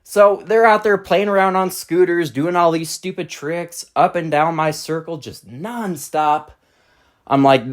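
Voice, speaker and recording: A man's voice: fairly high pitch, steady tone, moderate pace. A man hosting his channel, delivering an exasperated, blunt monologue to camera in casual slang. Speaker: channel host.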